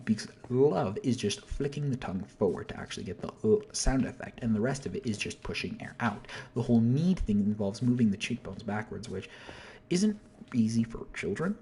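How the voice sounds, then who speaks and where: A man casually breaking down a song's lyrics, rambling, correcting himself and often dropping to a whisper. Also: mid-range voice. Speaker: video host explaining song lyrics. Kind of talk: casual lyric breakdown, quoting and half-singing lines.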